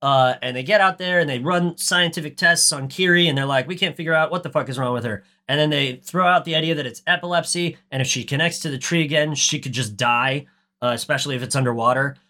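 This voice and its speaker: A man's voice: a little high, brisk, bright, forceful tone. A man co-hosting a podcast, recapping a movie in casual chat with a ranty, profane, sarcastic manner. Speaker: podcast co-host.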